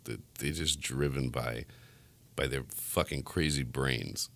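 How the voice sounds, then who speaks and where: A man's voice: very deep voice, fairly even intonation, takes it slowly, gravelly, fairly bright tone. A man hosting a podcast in casual chat, telling stories bluntly with lots of swearing. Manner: profane, blunt storytelling with frequent laughs. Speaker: podcast host.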